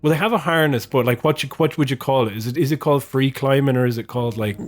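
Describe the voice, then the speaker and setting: A man's voice: mid-range voice, fast talker, faint music behind. A male podcast co-host in casual comedic chat, rambling and swearing as he laughs through his points.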